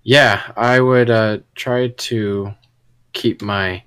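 A man's voice: fairly low pitch, fairly even intonation, extremely slow, a bit bright, clear, resonant tone. A man playing a tabletop game, hesitantly describing his character's actions. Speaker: player.

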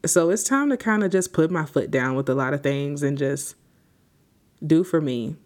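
A woman's voice: low-pitched, expressive, moderate pace, darkish tone. A woman in her twenties hosting a solo podcast, talking off the cuff in a rambling, heartfelt and grateful way. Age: 20s. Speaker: podcast host. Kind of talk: unscripted solo podcast reflection.

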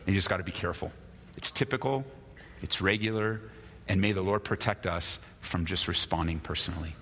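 A male pastor preaching an animated sermon, acting out quarrels and asking the listeners questions. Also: on the low side, fairly quick. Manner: animated, acts out quarrels in lively voices. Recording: long hall reverb.

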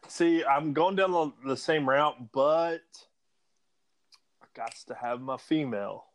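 A man's voice: on the high side, slow pace. A man co-hosting a casual podcast, joking and teasing with frequent laughs. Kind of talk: casual chat.

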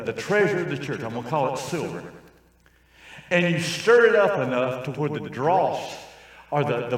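An older man preaching a sermon in a raw, folksy style, swinging between quiet asides and shouting. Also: medium pitch. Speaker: traveling preacher. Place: large church hall. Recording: very echoey church sanctuary, distant mic.

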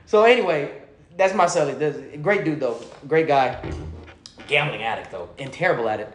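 A man telling stories in casual, slang-heavy chat. He is animated, laughs through the funny parts and drops low and quiet when he quotes other people. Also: normal speed. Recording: roomy echo.

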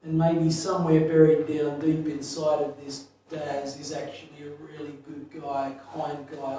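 A man preaching in a big echoing hall, his voice sitting high for a man and heard from a distance off the mic. He tells his story animatedly, laughing often and dropping to a hush for the tender parts. A faint ambient hum lies underneath. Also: moderate pace, hardly any pauses. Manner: animated, laughing storyteller who swings from loud to hushed. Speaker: pastor. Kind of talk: sermon storytelling.

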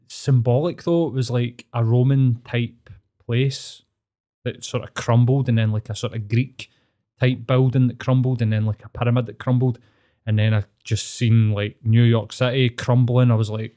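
A man's voice: medium pitch, fairly even intonation, normal speed, mellow. A man with a Glasgow accent, a therapist telling a long story in casual, rambling chat, sweary and full of fillers. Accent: Scottish, Glasgow.

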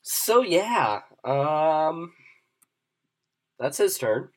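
A man running a tabletop game as game master, relaxed and chatty, thinking aloud with fillers. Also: a little high, very slow.

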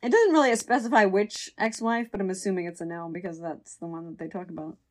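A woman's voice: mid-range voice, fast. Rambling woman telling a crime story. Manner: rambling, hedging, laughs while telling the story. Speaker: podcast host telling a true crime story. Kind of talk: casual chat.

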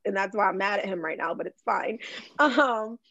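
A young woman from Michigan, a guest chatting casually on a podcast, talking fast with lots of "like" and restarts. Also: medium pitch, a bit bright, no room sound. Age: young adult. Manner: chatty, full of "like", quick restarts. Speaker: guest, social media creator. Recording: dry, dull lo-fi sound.

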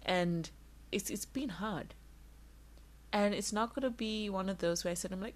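A young woman vlogging candidly, telling an emotional personal story in quick, animated bursts. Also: lowish voice. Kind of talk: casual vlog monologue.

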